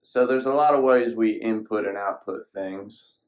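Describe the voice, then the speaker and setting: A man's voice: on the low side, moderate pace, a little mellow, rough recording. A man hosting a solo podcast, sitting alone at a screen, talking in a folksy, rambling way with casual swearing. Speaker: podcast host.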